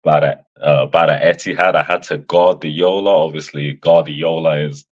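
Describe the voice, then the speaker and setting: A man with a British accent, a guest rapper explaining his lines in relaxed, halting speech with fillers. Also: very deep voice, highs cut off. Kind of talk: interview talk.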